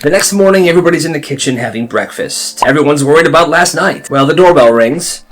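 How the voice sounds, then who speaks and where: A man telling comedic storytime anecdotes in an animated, dramatic way. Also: a little high, fast. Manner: animated, dramatic, switches into character voices.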